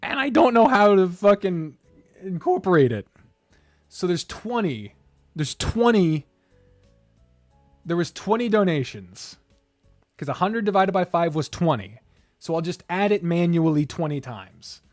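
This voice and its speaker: A woman streamer chatting on a live broadcast, giddy and swearing, breaking into laughter and tripping over her own arithmetic. Her pitch swings widely, her talk runs slow and unhurried, and the sound is close and dry with faint music underneath. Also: lively intonation, a little mellow, no room sound. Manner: giddy, laughing often, swearing, stumbling over counting and math. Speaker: streamer and game master. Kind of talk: casual livestream chat.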